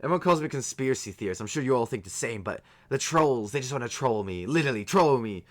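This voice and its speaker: A man's voice: medium pitch, animated, fast, lightly acted. A man voicing a paranoid tall emo man who mutters about conspiracies and gets worked up. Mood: muttering. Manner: mumbling, then yelling accusations.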